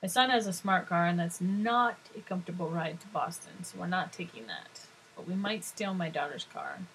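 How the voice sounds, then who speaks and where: A woman's voice: lowish voice, normal speed, fairly bright tone, slight background noise, poor audio. A middle-aged woman chatting casually to her viewers, rambling from story to story and laughing often. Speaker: vlogger.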